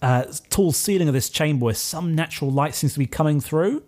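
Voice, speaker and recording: A man's voice: fairly high pitch, a little fast, a little mellow. Man narrating a tabletop game. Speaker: game master.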